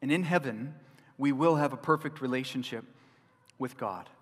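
A man's voice: mid-range voice, normal speed, breathy edge. A middle-aged man preaching a sermon as pastor, earnest and repeating key lines for emphasis. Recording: long reverb of a large hall.

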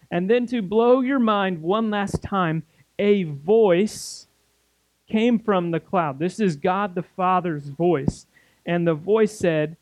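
Young male youth pastor, high-pitched, animated and playful, dry recording. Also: no room sound. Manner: animated, acts out scenes in playful voices. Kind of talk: casual sermon to youth group.

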